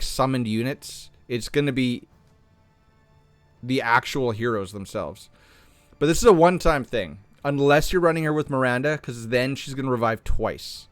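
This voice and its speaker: Hoarse man thinking aloud over patch notes. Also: medium pitch, no echo. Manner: thinks aloud, restarts and self-corrects. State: slightly hoarse. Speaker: gaming content creator. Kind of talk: reading and discussing game patch notes.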